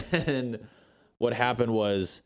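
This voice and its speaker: A man's voice: medium pitch, extremely slow. A young man hosting a podcast, telling a rambling, profane story in casual chat and acting out what people said. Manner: profane, rambling, acts out quotes. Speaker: podcast host.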